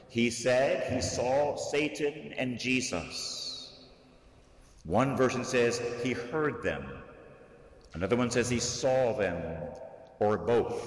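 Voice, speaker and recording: A man, a Catholic priest, preaching a sermon to a live audience, telling the story slowly and deliberately and raising his voice for emphasis. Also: mid-range voice. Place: large church hall, live audience. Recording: echoey hall, long reverb.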